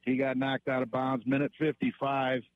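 A man's voice: medium pitch, monotone, normal speed, slight background noise. A man calling in to a sports radio show, methodically recounting game details. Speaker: caller. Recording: tinny phone line.

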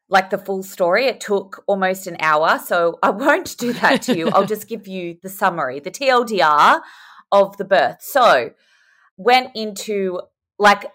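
A young woman, a podcast guest telling her story in a chatty, animated way over a video call. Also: medium pitch. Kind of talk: casual chat.

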